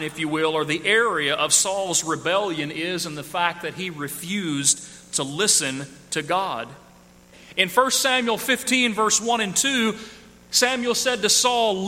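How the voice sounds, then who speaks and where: Male preacher, bright forceful tone, repeats key phrases while reading scripture. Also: sits high, long reverb tail. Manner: reads scripture aloud, repeats phrases for emphasis. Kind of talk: sermon.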